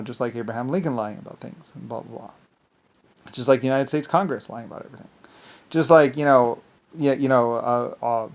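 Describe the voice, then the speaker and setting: An angry man talking in a rambling monologue, repeating himself, restarting often and swinging between loud bursts and mutters. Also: medium pitch, gravelly. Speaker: vlogger.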